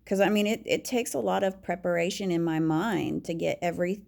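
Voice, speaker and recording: A woman talking frankly and confidingly about herself in a personal monologue, with halting restarts and dropping to a whisper when she quotes herself. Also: lowish voice, vocal fry, darkish tone. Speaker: vlogger.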